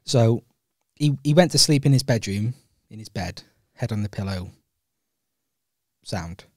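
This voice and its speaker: A man's voice: fairly low pitch, animated, a little slow, a little mellow, no echo, clean studio sound. A young Welsh man co-hosting a podcast, telling rambling stories in a casual chat and laughing often. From Wales. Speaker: podcast co-host.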